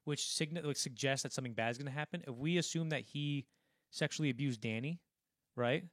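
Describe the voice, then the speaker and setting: A man's voice: medium pitch, fairly quick, a bit bright, dry recording, studio quality. A young man co-hosting a casual film podcast, animatedly retelling scenes in a rambling way full of restarts. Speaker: podcast co-host.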